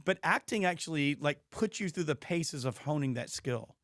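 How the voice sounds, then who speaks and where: A man hosting a podcast interview, hoarse, talking emphatically and telling stories with frequent restarts. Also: a little high, animated, normal speed, a bit bright, no echo, clean studio sound. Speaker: podcast host. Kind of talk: casual interview chat.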